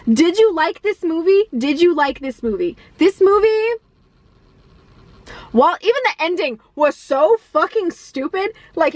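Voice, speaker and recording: A woman's voice: sits high, no echo. A woman ranting casually about a film she hated, rambling through fillers and restarts, swearing freely and laughing often. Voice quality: profane, exasperated, laughs often. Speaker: movie reviewer. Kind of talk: casual ranting movie review.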